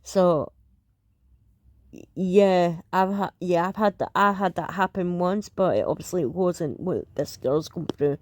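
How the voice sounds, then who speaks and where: A woman's voice: on the low side, measured pace, no echo. A Scottish woman reacting to videos in casual, hesitant commentary with many fillers.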